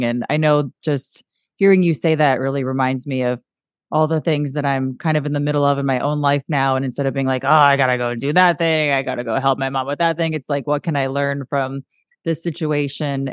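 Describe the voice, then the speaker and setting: A middle-aged woman hosting an interview, chatty and warm, who acts out family moments with lively impressions. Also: rumbling low, smooth, no echo, studio quality. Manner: warm, chatty, animated impressions of her husband. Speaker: podcast host. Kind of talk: casual conversational interview.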